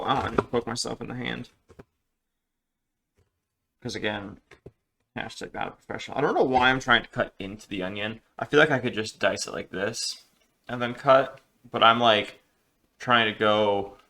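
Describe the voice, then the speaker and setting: A man with a gravelly, crackly edge and a bright, forward tone talks loosely in a home kitchen. He rambles and pokes fun at himself as he chats. Faint noise hangs in the background. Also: medium pitch. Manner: rambling, self-deprecating, joking. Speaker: cooking vlogger. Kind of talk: casual cooking vlog.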